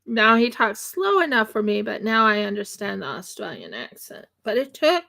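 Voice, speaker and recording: A woman's voice: mid-range voice, very animated, normal speed, gravelly, sharp tone. A woman chatting casually and rambling on a live stream while she crafts. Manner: chatty and rambling, with laughs and fillers.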